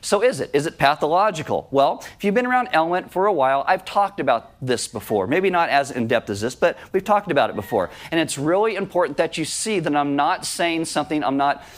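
A man delivers a sermon to his congregation, speaking in a conversational, self-deprecating way. His voice sits a bit on the high side for a man. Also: animated, a little fast, few pauses. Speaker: pastor.

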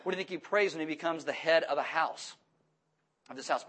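A man preaching a sermon to a congregation, lively and questioning, acting out voices as he goes. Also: a little high, fast talker, breathy edge. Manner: animated, acts out voices and asks the audience questions. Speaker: pastor.

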